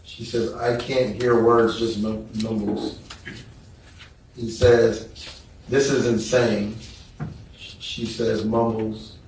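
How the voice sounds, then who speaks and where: Flat slow-reading man in a courtroom. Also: lowish voice, slight background noise. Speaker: trial witness. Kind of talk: reading text messages aloud in testimony. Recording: echoey courtroom from far off.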